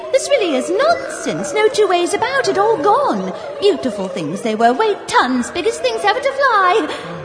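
Woman playing a posh hearty dragon lady, super high voice, music behind. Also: long reverb tail, exaggerated voice. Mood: wistful. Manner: hearty, upper-class, exclaims "golly". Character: posh middle-aged woman, jolly dragon breeder.

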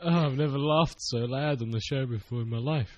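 A man's voice: mid-range voice, a little fast, a little mellow, highs cut off. A man co-hosting a podcast remotely, egging his partner on and laughing along. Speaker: podcast co-host on a call. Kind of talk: casual chat.

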